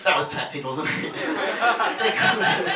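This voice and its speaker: A man from Leeds compering a live comedy night, bantering and laughing as he swings between mutters and shouts. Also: a little high, animated, slow, over a noisy crowd. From Leeds, England. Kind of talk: live stand-up crowd work. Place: comedy club stage. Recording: echoey club, distant mic, loud noise.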